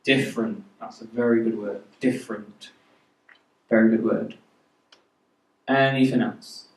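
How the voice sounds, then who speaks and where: A man's voice: on the low side, steady tone, measured pace. A man preaching a sermon to a youth group, chatty and quizzing the audience. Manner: chatty, asks the audience questions. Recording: echoey hall from far off.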